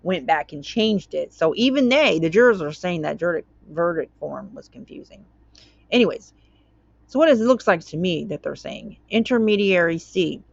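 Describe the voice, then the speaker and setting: A woman's voice: lowish voice, creaky, no echo, lo-fi sound. A woman hosting her own channel, reading a court document aloud and commenting on it in a chatty way, tripping over words and wandering into tangents.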